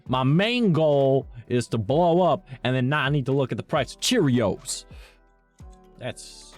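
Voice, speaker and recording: This streamer has a fairly low pitch and a darkish tone as he chats casually with his viewers. He rambles on, curses frequently, and says "like" a lot.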